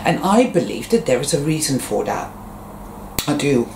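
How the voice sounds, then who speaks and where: Her voice is very deep, with vocal fry, big pitch swings, long pauses and normal speed, as this woman talks to camera from home. She rambles frankly in a casual monologue, cursing freely, recorded with roomy echo and faint background noise.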